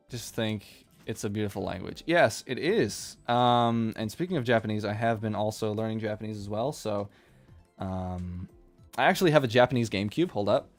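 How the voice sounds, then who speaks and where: A man's voice: on the low side, darkish tone. Rambling, chatty man streaming while drawing. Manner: rambling and chatty, quick to laugh at his own jokes. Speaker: live streamer drawing manga. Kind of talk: casual live-stream chat while drawing. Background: faint music playlist.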